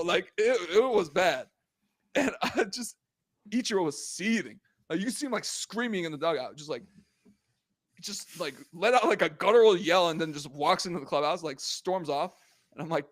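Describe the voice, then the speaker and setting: Young male sports podcast host; high, animated voice, casual slangy delivery. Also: moderate pace. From Korean American. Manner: animated, heated and joking, with lots of slang fillers.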